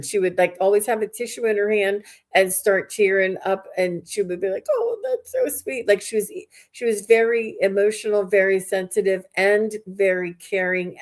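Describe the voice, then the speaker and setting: A woman gives a live spirit reading in a loose, chatty flow. She piles on fillers and restarts her sentences as she goes, speaking at an everyday middle pitch. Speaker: psychic medium host.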